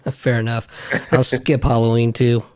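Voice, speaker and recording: A man's voice: mid-range voice, flat delivery, takes it slowly, a little mellow, clear, resonant tone. A man co-hosting a podcast, giving brief, laid-back replies in casual chat.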